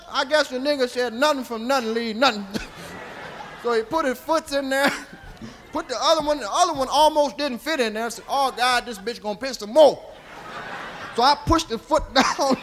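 A man's voice: very high-pitched, sharp tone, slight background noise. A man telling a profane comic story in a drawling way, tagging his lines with "see?".

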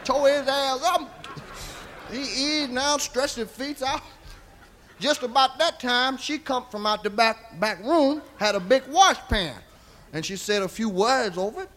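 High-voiced man telling a raunchy tale. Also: pushed and bright. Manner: raunchy, drawling, tags lines with "see?". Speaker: storyteller. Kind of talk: profane comic storytelling.

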